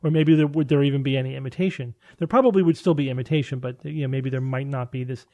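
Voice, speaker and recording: A man's voice: mid-range voice, fairly even intonation, fast, a little mellow, highs cut off. A man hosting a casual podcast discussion, thinking aloud with restarts and rhetorical questions.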